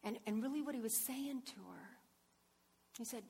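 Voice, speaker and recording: Woman preacher, husky tone, animated sermon storytelling, hushed to loud. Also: a little high, normal speed.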